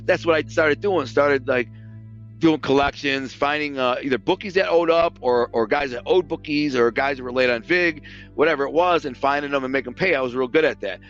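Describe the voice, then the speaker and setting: A man's voice: medium pitch, a little fast, muffled recording, soft background music. A man from the Detroit area telling stories in a casual, streetwise way, acting out the dialogue as he goes. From Detroit area, United States. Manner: streetwise, animated, acts out dialogue. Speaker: guest, former mobster. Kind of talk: casual storytelling.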